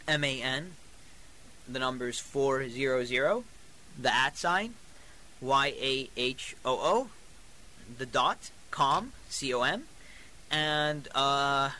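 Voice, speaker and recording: A young adult man hosting a college radio show, giving his opinions in a halting way, with many repeated words and tangents. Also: mid-range voice, pushed and bright, a little hiss or hum. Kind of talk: solo opinion talk on radio.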